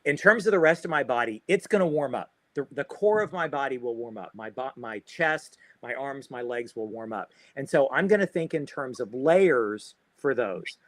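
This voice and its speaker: A man's voice: medium pitch, lively intonation, moderate pace, hardly any pauses, no room sound. A man coaching runners on a livestream, upbeat and chatty, often adding "right?" to his points. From Florida. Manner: upbeat, chatty, repeats himself with many "right?" tags. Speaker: running coach. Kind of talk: livestream guest advice.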